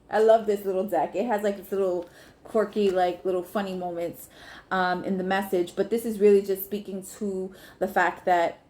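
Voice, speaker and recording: A woman's voice: mid-range voice, a little mellow. A woman giving a casual, chatty tarot reading, swearing freely and talking straight to her viewers. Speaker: tarot reader.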